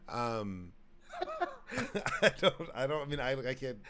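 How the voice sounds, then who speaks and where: A man's voice: medium pitch, wildly swooping pitch, measured pace, fairly bright tone. A man co-hosting a podcast in casual chat, easygoing and dry in his jokes. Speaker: podcast co-host.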